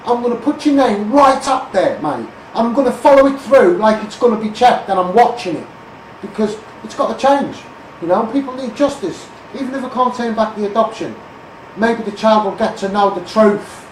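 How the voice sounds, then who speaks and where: A man's voice: high voice, lively intonation, normal speed. Blunt ranting Scouse man in an echoey room. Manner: blunt, rambling, repeats himself, calls listeners mate. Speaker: campaigning live-streamer. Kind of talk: ranting live stream to followers. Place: home room. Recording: echoey, a bit far from the phone, faint room noise.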